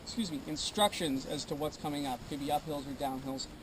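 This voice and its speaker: A high-voiced man briefs a tour group outdoors at a dog kennel, upbeat and joking, tagging "okay?" onto nearly every line. The outdoor recording is noisy, with clear ambient sound behind him. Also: quick pace. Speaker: sled dog tour guide.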